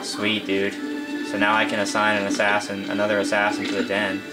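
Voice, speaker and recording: A man's voice: on the low side, monotone, brisk, loud music behind the voice. Casual young man commentating gameplay. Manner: casual and chatty, says "dude" often, laughs and exclaims in disbelief.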